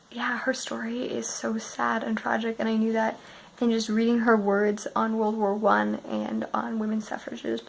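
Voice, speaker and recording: A young woman in her early twenties from Canada, musing sleepily and softly about books while unwell, often dropping to a half-whisper. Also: a little high, gravelly, slightly rough, low-quality recording. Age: early 20s. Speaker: book vlogger.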